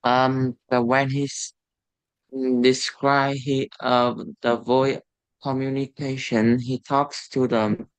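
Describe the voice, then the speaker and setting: Hesitant English learner, slow and broken. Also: mid-range voice, level tone, clean tone, no room sound, low-quality recording. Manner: hesitant, short broken answers. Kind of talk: answering in an online lesson.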